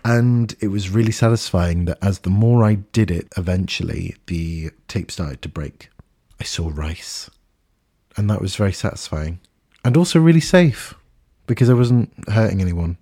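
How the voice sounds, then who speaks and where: A man's voice: sits low, normal speed, warm tone, slightly rough. A man hosting a podcast, talking in a candid, earnest and reflective way, swearing now and then. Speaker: podcast host. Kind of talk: reflective casual podcast talk.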